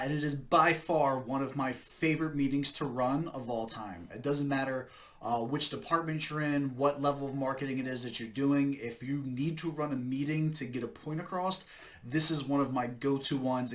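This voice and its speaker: A man's voice: mid-range voice, a bit bright. Emphatic man giving a motivational marketing talk. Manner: emphatic, punchy repetition. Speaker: marketing meeting host.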